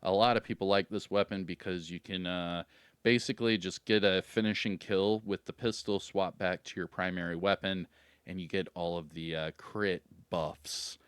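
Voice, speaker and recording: A man's voice: deep voice, fairly even intonation, normal speed, clean tone, no room sound. A man hosting a gaming video, casually running through in-game vendor items and getting hyped about good loot.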